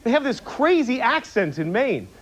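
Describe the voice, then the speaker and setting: A man's voice: very high voice, very animated, moderate pace. A man doing a stand-up routine on a TV studio stage, with a rambling, mock-indignant observational delivery. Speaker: stand-up comedian. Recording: muffled TV broadcast with audience noise. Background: studio audience.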